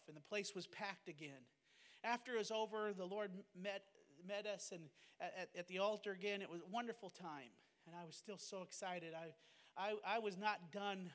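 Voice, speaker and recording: A man with a high-pitched voice recounts a personal testimony as a pastor and missionary. He speaks earnestly, fervently and with plain emotion. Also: fairly bright tone, long reverb tail. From United States.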